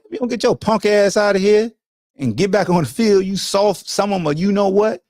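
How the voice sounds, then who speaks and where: Brisk and pitched high with a darkish tone, this man hosts a sports podcast and rants in a profane, lecturing, casual manner. The recording is dry and studio quality.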